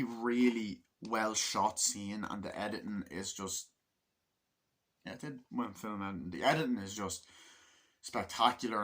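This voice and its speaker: A man giving a casual spoken film review, rambling and swearing, often breaking into loud shouted quotes from the film. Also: lowish voice.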